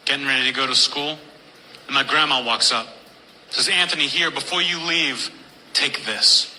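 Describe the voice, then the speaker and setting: A man doing deadpan stand-up storytelling at a comedy venue, building to a dark punchline. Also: medium pitch, a little hiss or hum. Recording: live club recording, echoey with faint ambience.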